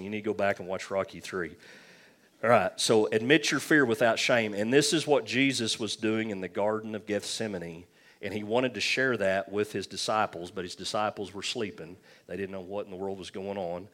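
A man's voice: on the low side, fairly bright tone. A man preaching a sermon as pastor, talking conversationally with jokes and frequent restarts.

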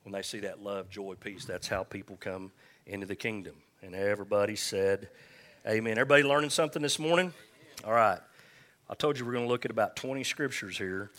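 Man, pastor, folksy sermon, lowish voice, forceful bright tone, call-and-response. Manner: folksy, joking asides, scripture read slowly.

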